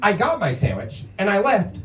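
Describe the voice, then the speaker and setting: A stand-up comedian telling a story in an exasperated, profane rant that often turns into shouting. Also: mid-range voice, huge pitch swings, moderate pace, very noisy. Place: small comedy night venue. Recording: echoey room, distant mic, audience.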